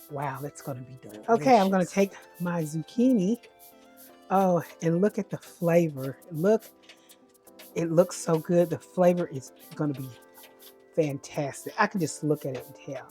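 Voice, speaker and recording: Woman home cook, casual kitchen demo, somewhat low pitch, faint music behind. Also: warm tone. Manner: chatty, homey, corrects herself as she goes. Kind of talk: casual cooking demonstration.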